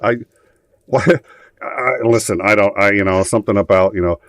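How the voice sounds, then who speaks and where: A man's voice: low-pitched, normal speed. A man hosting a live show, telling a story in rambling, profane casual chat full of fillers. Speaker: host.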